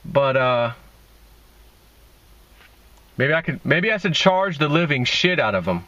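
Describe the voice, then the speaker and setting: A man's voice: on the high side, sing-song, takes it slowly, bright, forceful tone, dry recording, dull audio. A man hosting a casual crypto video, talking in a sarcastic, mocking, rambling way. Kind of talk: casual opinion monologue.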